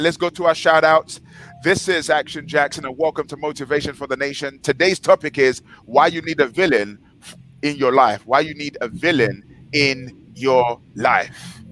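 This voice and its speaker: A man hosting a morning motivational livestream, leading breathing exercises, repeating affirmations and giving viewer shout-outs. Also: a little high, moderate pace. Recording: music playing softly behind.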